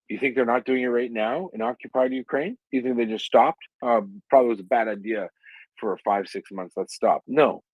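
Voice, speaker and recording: A man's voice: fairly low pitch, no echo. A man speaking in an impassioned, heated way on a live audio chat, rambling with many fillers and restarts. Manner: heated and indignant. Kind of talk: impassioned advocacy talk. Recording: dull lo-fi online audio stream.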